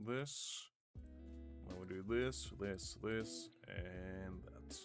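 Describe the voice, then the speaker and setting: A man's voice: low voice, extremely slow, over music. A man streaming a video game, bantering in a playful, mock-exasperated way. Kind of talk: casual live-stream banter.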